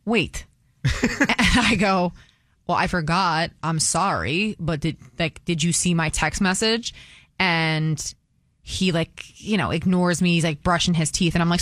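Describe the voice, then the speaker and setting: A woman's voice: lowish voice, unhurried, a bit bright, dry recording, clean studio sound. A woman hosting a radio call-in show, chatting casually and laughing as she tells stories.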